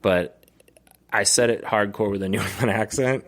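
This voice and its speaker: A man with a very low voice tells loose, swearing stories in a relaxed podcast chat with friends. He rambles and jumps from one thought to the next. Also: moderate pace. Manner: rambling, profane storyteller. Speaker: podcast co-host. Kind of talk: casual chat.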